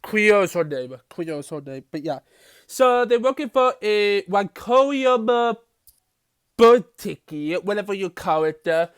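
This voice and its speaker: A man's voice: high-pitched, clear, resonant tone, no echo, studio quality. A man reviewing a TV episode, recapping the plot in a rambling way with many fillers and restarts.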